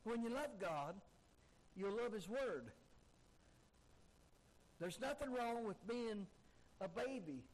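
A man's voice: high-pitched, animated, takes it slowly, long pauses, low-quality recording. A man preaching a sermon emphatically, driving his points home with repeated rhetorical questions. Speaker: pastor.

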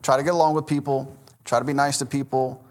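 Medium-pitched with a flat delivery, a man in his thirties speaks fast. He's a pastor with a Southern American accent, preaching conversationally, fixing his own slips and laughing over his stories.

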